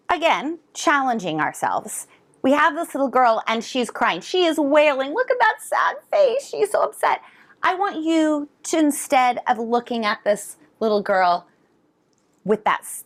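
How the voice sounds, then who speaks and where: A middle-aged woman educator giving a conference talk to parents and teachers, animated and drawing answers from the audience. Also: mid-range voice. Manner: animated, asks the audience to respond. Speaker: educator presenter. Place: conference hall.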